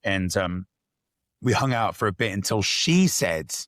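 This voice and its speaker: Low-voiced male guest, candid and reflective, dry recording. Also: big pitch swings, unhurried, a bit bright, dry recording. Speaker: podcast guest. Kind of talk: casual interview storytelling.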